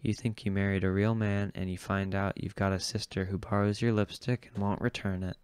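A man's voice: on the low side, little pitch movement, brisk, smooth, no echo, natural voice. A man reading the part of a drag queen who trades dry, gossipy asides backstage, keeping close to his own reading voice.

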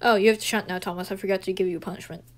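A woman voicing a bossy, blustering railway controller who shouts and scolds in a home-made storybook. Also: mid-range voice, fairly even intonation, racing, pitched below the performer's own voice, lightly acted. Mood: scolding.

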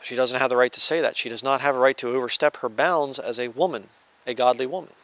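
A man's voice: mid-range voice, fast talker, a bit bright, no echo. A man giving a conversational Bible teaching, reading scripture and acting out quoted voices. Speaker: preacher. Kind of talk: sermon-style Bible teaching.

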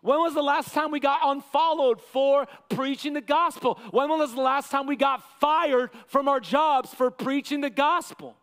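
A man preaching a sermon as pastor, impassioned, sometimes acting out quotes with rising shouts. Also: very high-pitched, moderate pace, hardly any pauses. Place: church sanctuary. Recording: long church hall reverb.

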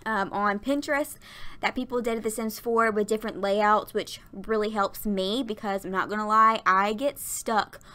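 Speaking into a desktop USB mic, a woman in her twenties narrates a Sims build at her workplace for her YouTube channel, tired and short of breath but still chatting, wandering off topic, and laughing frequently. Her voice sits at medium pitch with a steady, sharp tone and a moderate pace, in a casual voiceover style.

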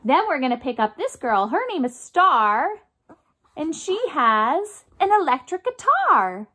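Woman music therapist for small kids: high, unhurried, sing-song delivery. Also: very animated, sharp tone. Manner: sing-song, coaxing teacher talk with call-and-response; imitates instrument sounds with her voice. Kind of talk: remote music lesson for young children.

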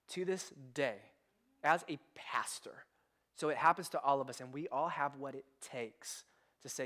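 A male pastor giving a sermon, driving points home with repeated phrases, moving between loud emphasis and hushed, conversational asides. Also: mid-range voice, moderate pace. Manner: conversational, self-deprecating asides.

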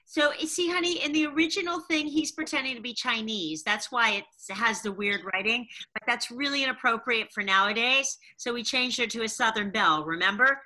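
A woman's voice: a little high, brisk, hardly any pauses, sharp tone, low-quality recording. A woman teaching an acting class over a video call, cueing her students and encouraging them.

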